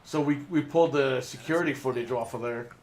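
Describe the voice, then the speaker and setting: A man's voice: mid-range voice, brisk, a little mellow. A man co-hosting a gaming podcast, telling stories in casual chat while playing, swearing freely. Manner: swearing, storytelling with laughs. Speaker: podcast co-host.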